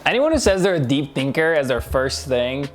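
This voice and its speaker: A man's voice: on the high side, sing-song, moderate pace, faint music behind. A man reviewing a reality show, sarcastic and crude, laughing often at the clips. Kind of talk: comedic commentary over clips.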